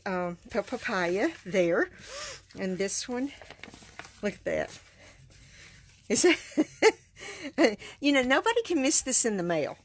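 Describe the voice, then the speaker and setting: A woman's voice: medium pitch, no room sound. A woman, chatting through a live card-making demonstration, enthusiastic and laughing often. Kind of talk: casual live stream demonstration.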